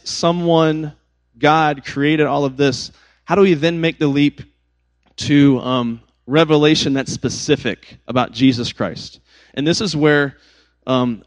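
A man in his thirties preaching a sermon as pastor, conversational and animated, with stories and asides to the congregation. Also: medium pitch.

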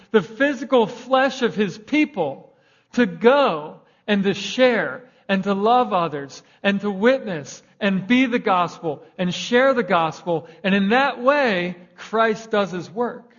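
A man's voice: sits high, expressive, slow pace. A young man preaching a sermon in a conversational way, raising his voice for emphasis. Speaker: pastor. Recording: dull lo-fi recording.

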